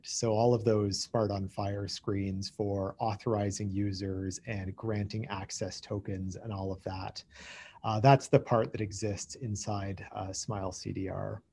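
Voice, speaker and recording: A man's voice: fairly low pitch, darkish tone, breathy edge. A man presenting at a conference, answering audience questions in a thoughtful technical explanation and often restarting his phrases with ums.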